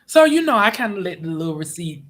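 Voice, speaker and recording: Male vlogger, casual storyteller, exasperated and lively. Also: fast. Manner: animated, exasperated retelling with big pitch swings.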